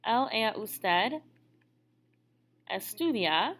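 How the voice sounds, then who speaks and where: Bright, animated woman teaching. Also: a little high, takes it slowly, pauses often. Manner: patient, explains step by step. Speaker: Spanish teacher. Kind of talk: recorded classroom lesson.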